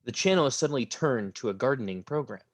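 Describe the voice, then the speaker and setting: A man's voice: medium pitch, expressive, fast talker. A man reading the stage directions aloud in a casual table read over a video call. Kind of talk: script narration at a table read.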